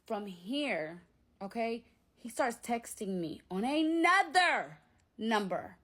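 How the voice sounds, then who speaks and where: A woman hosting a storytime vlog at home, telling her story in an animated, profane, slangy way straight to her viewers. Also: fairly high pitch, slow. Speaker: vlog host.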